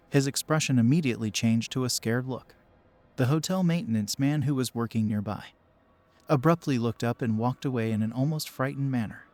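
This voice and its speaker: A man narrating a first-person horror story in a steady, measured storytelling voice. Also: mid-range voice.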